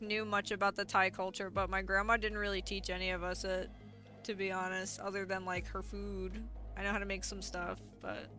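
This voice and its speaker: A woman's voice: mid-range voice, bright, forceful tone. A woman streamer chatting casually and playfully, often laughing as she reads chat.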